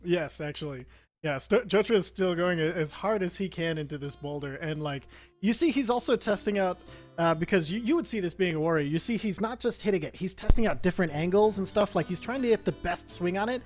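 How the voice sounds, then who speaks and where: A high-voiced man describing his character in a tabletop game, animated and rambling, with frequent laughs. Soft guitar music sits faintly behind. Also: a little fast. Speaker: player.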